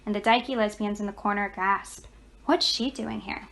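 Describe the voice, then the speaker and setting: Student presenter, young woman, mid-pitched, steady read delivery. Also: normal speed, gravelly, background noise. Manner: steady, reading from notes.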